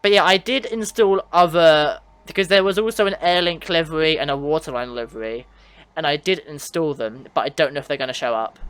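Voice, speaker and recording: A man's voice: on the high side, brisk, a bit bright, clean tone, no echo. A man streaming a train simulator, chatting casually and answering his chat with frequent laughs. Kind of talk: casual livestream commentary.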